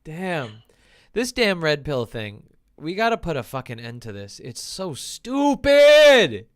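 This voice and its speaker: A man's voice: on the high side, sing-song, a little slow, a bit bright. A man hosting a podcast as a relationship coach, ranting with heavy swearing and mocking impressions in casual chat.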